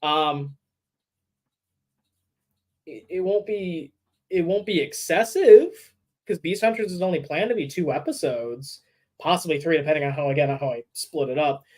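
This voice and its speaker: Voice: mid-range voice, animated, normal speed, pauses often, darkish tone, low-quality recording. A fan film creator chatting casually on a livestream, rambling and thinking aloud, with frequent swearing.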